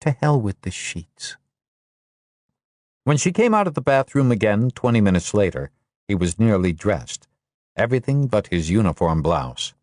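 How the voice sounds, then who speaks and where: In a studio-quality, dry recording, a man narrates a war novel audiobook from a script, keeping his delivery steady and measured in a fairly low voice.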